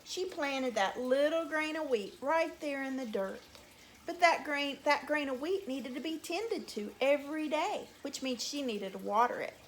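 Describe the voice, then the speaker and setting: A woman reads a folk tale aloud to little children in a high, bright, sing-song voice that swoops up and down. She takes her time with every phrase. The telling is slow and animated throughout. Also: slight background noise. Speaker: teacher reading to children. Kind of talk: children's story time narration.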